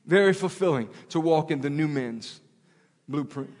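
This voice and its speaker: A man preaching a sermon with passion, repeating his phrases and swinging from loud to hushed. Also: fairly high pitch, animated, normal speed. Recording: long hall reverb.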